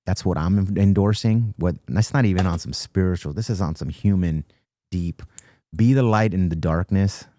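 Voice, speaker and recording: A man's voice: low voice, moderate pace, mellow, no echo, clean studio sound. A man in his fifties, a guest musician on a podcast, talking earnestly about life and often saying "dude" and "listen". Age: 50s. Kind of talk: casual podcast interview. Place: podcast studio.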